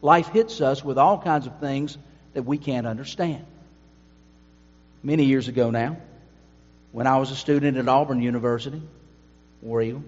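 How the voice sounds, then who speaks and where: A man's voice: medium pitch, normal speed, long pauses, darkish tone. A man preaching a sermon to his congregation, adding emphatic asides. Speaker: pastor. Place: church sanctuary. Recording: dull sound with long hall reverb.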